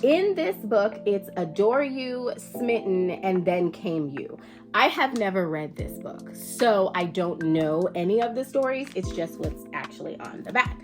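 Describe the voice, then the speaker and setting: With music in the background, this woman talks a little slowly, her mid-range voice full of lively intonation. She's a book vlogger, nasal and congested from allergies, casually and playfully telling viewers about her books with an occasional curse.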